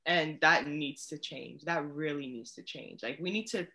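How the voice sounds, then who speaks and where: Young woman guest on a podcast, bright sharp voice, very outspoken. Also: deep voice, moderate pace. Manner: outspoken and emphatic. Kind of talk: casual chat.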